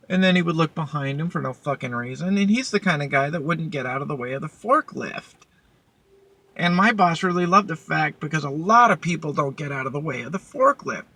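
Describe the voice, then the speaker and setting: A woman's voice: low voice, lively intonation, moderate pace, a bit bright. A woman vlogger telling a work story in a blunt, profane, casual way. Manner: blunt, profane, heated retelling.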